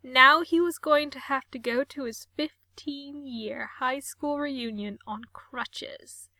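Wry woman story reader, unhurried, higher and bright. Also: no echo. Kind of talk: reading a comic story aloud.

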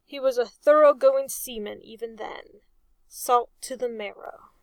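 A woman reading the lines of an older male ship captain, loud and emphatic as he recalls his past. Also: fairly high pitch, measured pace, no echo, low-quality recording. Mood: proud.

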